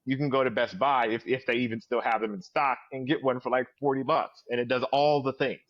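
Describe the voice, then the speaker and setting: A man's voice: mid-range voice, steady tone, a little fast, dry recording, lo-fi sound. A man co-hosting a podcast in casual chat, rambling and correcting himself. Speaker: podcast co-host.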